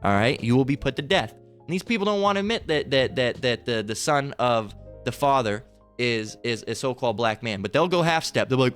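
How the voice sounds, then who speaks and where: A man's voice: mid-range voice, animated, fairly quick, a bit bright, clear, resonant tone, faint music behind. A man preaching a heated, profane sermon, ranting, repeating himself and firing off rhetorical questions between scripture readings.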